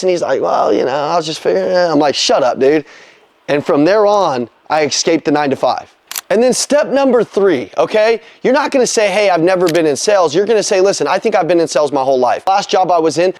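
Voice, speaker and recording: A man's voice: high voice, darkish tone, dry recording. A man giving a blunt, slangy motivational talk as a sales coach, pushing hard with emphatic repetition.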